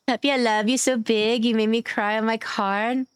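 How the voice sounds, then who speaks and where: A woman's voice: on the high side, smooth, no room sound. A woman streamer chatting casually while gaming, affectionate and gushing, cursing now and then.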